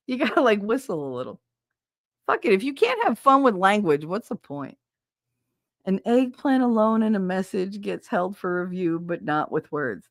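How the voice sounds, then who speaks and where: A woman's voice: mid-range voice, animated, a little slow, dry recording, clean studio sound. A woman with a Southern accent hosting a casual podcast chat, talking frankly and profanely and laughing often. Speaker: podcast host.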